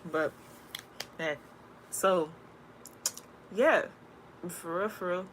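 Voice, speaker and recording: A woman in a casual, slang-filled spiritual talk, rambling and animated as she tells stories. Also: on the low side, extremely slow, a little hiss or hum. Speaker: spiritual content creator.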